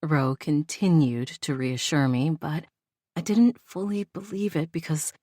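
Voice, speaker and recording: A woman's voice: low voice, a little slow, mellow, no echo, clean studio sound. A woman narrating a first-person romance audiobook in an intimate, heartfelt way.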